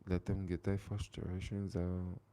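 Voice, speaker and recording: A man's voice: low-pitched, completely flat delivery, warm tone. A man hosting a casual livestream, chatting with viewers and repeating phrases for emphasis. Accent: American. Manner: repetitive, restarting phrases, drawn-out emphasis. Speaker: livestream host.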